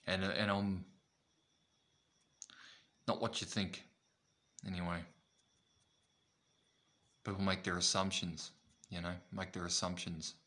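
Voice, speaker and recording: A man's voice: deep voice, little pitch movement, slow pace, pauses often, sharp tone. Blunt, ranting Australian man. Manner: blunt, profane, repetitive. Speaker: vlogger. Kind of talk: ranting to camera.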